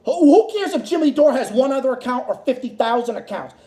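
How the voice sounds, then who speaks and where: Guy ranting on his stream, angry and sweary, high voice, echoey room. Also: expressive, fairly quick, warm tone. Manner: angry, profane, repeats himself. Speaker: livestream host. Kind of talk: solo political rant stream.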